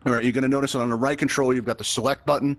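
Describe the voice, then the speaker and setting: A man leads a live tutorial for a crowd inside virtual reality, speaking fast in a mid-range voice. He is chatty and encouraging, checking in with his audience all the time. The sound is close and direct, like a headset mic. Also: mid-range voice, fairly even intonation, no echo. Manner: upbeat, chatty, addresses the crowd with frequent "right?" checks. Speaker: VR event host and instructor.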